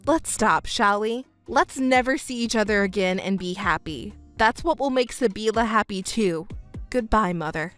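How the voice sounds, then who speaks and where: Woman voicing a cold, calm stepdaughter. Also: mid-range voice, moderate pace, soft background music, voice pushed down, close to an everyday voice. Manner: calm, cold and matter-of-fact. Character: cool-headed young adult stepdaughter. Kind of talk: texting story narration.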